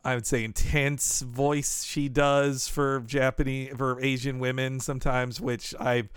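A man's voice: mid-range voice, level tone, a little slow, clear, resonant tone, dry recording, clean studio sound. A man co-hosting a casual podcast chat, talking in a thoughtful, hedging way. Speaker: podcast co-host.

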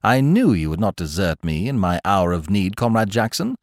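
A man reading the part of a suave, airy young gentleman who talks in elaborate, formal phrases. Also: low voice, very animated, normal speed, no room sound, clean studio sound.

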